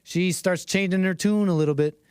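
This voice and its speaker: A man's voice: high voice, fairly quick, darkish tone, clear, resonant tone, no room sound, clean studio sound. A man hosting a casual commentary stream with call-ins, rambling and sarcastic, with chuckling asides. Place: home streaming setup.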